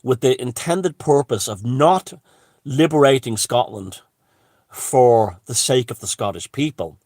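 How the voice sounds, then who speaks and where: A man's voice: medium pitch, animated, unhurried, a little mellow, dry recording, clean studio sound. A man giving a heated, rambling political monologue, swearing and restarting his sentences. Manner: heated, profane, full of restarts and asides. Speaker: commentator.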